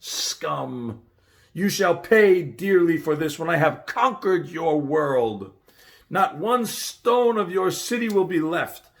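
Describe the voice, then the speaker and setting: A proud, fierce witch from a storybook, as a man puts her on, imperious and threatening. Her lines ring out with a sweeping, lively pitch. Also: slow.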